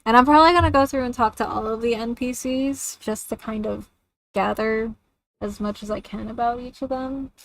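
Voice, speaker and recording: A woman's voice: a little high, moderate pace, fairly bright tone. A young woman chatting casually on a game livestream, with a chatty, self-deprecating manner. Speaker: streamer. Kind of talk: casual livestream chat while gaming.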